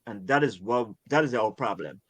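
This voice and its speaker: A man's voice: mid-range voice, expressive, moderate pace, fairly bright tone, no echo. Passionate older man from Guyana. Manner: passionate, emphatic, repeats words when stressing a point. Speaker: urban farmer and guest. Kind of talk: conversational interview.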